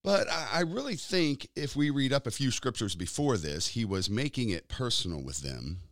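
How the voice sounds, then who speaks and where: A man hosting a sermon podcast, with a lively, sing-song opening that settles into slow, deliberate preaching. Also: mid-range voice, dry recording, studio quality.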